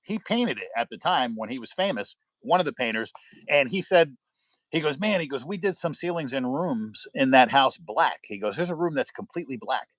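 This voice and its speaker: A man from the United States hosts a relaxed live stream, reading viewer questions and rambling through stories with casual swearing. His voice sits at an ordinary middle pitch. The sound is close and dry, with no room in it. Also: moderate pace, no room sound. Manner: rambling storyteller, swears freely. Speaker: livestream host. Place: indoors at home by a window.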